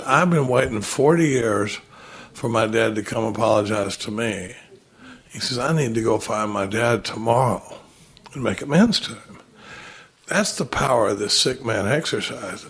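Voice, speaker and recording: A man's voice: mid-range voice, husky. A man giving a recovery talk, telling stories and acting out what others said. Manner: storytelling, animated when quoting others. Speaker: recovery speaker.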